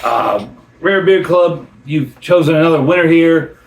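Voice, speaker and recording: A man's voice: fairly high pitch, measured pace, distant mic. A man hosting a casual beer review chat, enthusiastic and often restarting his sentences. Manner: enthusiastic, repeats himself with restarts. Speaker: host of a beer review channel. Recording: roomy sound from away from the mic.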